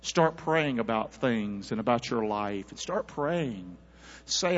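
A man preaching a sermon, calling on the congregation to answer back and swinging between loud and hushed. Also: mid-range voice, big pitch swings, unhurried, husky. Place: church. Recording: dull sound with long church reverb.

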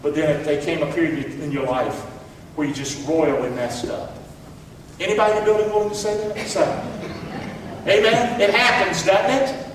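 Pastor preaching in an echoey hall. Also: male voice, fairly high pitch, steady tone, normal speed, recorded from a distance, slight background noise. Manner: preaching with call-and-response to the congregation. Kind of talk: sermon. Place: church hall.

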